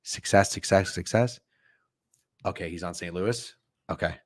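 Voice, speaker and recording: Young male betting-stream host; profane, scattered delivery, animated low voice. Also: moderate pace, pauses often, no room sound, clean studio sound. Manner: profane, rambling, self-interrupting. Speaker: sports betting show host. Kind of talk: live-streamed betting chat reading chat comments.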